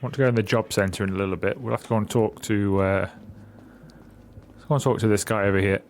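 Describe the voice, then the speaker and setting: A man's voice: on the low side, steady tone, fast talker, slight background noise. Chatty man narrating his gameplay. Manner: chatty, reads game dialogue aloud, jokey asides. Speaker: gaming channel host. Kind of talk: casual game commentary.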